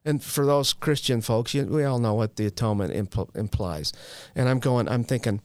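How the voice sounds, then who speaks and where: A man's voice: medium pitch, normal speed, darkish tone, smooth, dry recording. Frank middle-aged man telling his story. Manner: frank and self-deprecating, with wry humor and slangy asides. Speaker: guest sharing a recovery story. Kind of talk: candid personal storytelling.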